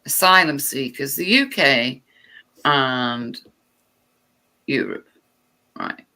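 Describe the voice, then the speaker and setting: Slow, gravelly woman reading aloud. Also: extremely low pitch, expressive, sharp tone. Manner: sarcastic, irritated asides. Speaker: vlogger. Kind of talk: reading text aloud with sarcastic commentary.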